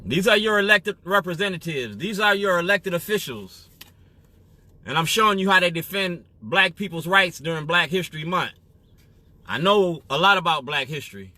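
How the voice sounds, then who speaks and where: A man's voice: high voice, expressive, moderate pace, bright, forceful tone, no room sound. A man from Illinois speaking straight to camera in an emphatic monologue. He keeps asking "you feel me?". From Waukegan area, Illinois, US. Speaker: activist.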